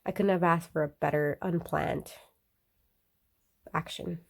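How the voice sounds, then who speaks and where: A woman's voice: low-pitched, fairly even intonation, measured pace, gravelly. A woman casually narrating her planner crafting, chatty and upbeat, with many fillers and laughs at herself.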